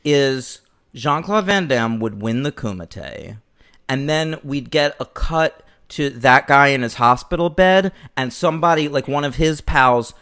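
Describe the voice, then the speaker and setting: A man's voice: medium pitch, measured pace, a bit bright. A man co-hosting a film podcast in casual chat, acting out movie lines in mock voices as he retells scenes. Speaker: podcast co-host.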